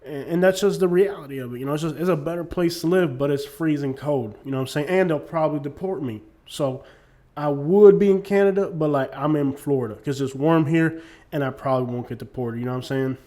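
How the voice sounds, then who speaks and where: Rambling man with a high-ish voice. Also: a little fast, mellow. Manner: rambling, many "you know what I'm saying" fillers. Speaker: YouTuber. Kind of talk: casual opinion monologue.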